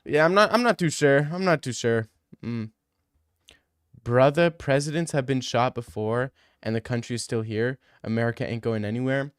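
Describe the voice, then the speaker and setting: A man's voice: medium pitch, normal speed, clear, resonant tone, no echo, clean studio sound. A young man livestreaming, answering chat in casual, crude, teasing banter. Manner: joking, teasing, profane.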